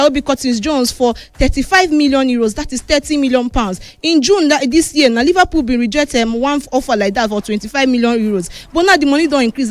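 A woman with a Nigerian accent hosting a radio sports show, chatting lively in pidgin and reading the sports news. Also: high voice. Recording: radio broadcast with faint music bed.

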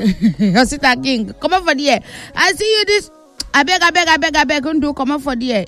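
High, bright-voiced Nigerian woman radio host. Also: fairly quick. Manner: lively, singsong greetings mixing Pidgin. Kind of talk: morning radio shout-outs.

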